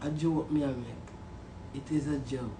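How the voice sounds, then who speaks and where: A woman with a Jamaican accent ranting casually and profanely to her viewers, half joking, turning from mumbled apologies to loud outbursts. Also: extremely low pitch, steady tone, moderate pace. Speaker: vlogger. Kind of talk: casual comedic rant to viewers. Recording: roomy echo, faint background noise.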